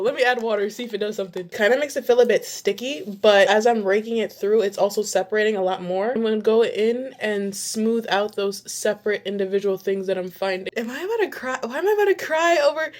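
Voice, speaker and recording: A woman's voice: medium pitch, fairly quick, a little mellow. A young woman talking casually through a hair tutorial at home, chatty and narrating each step. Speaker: vlogger.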